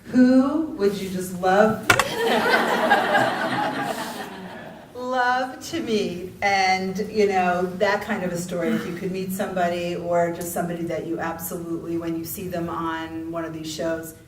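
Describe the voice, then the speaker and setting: A woman's voice: lowish voice, slow pace, background noise. Woman host moderating authors, casual chatter, roomy echo, mic-distant. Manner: chatty, loose, full of fillers. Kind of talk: moderating a live author panel. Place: event room. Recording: echoey room mic from a distance.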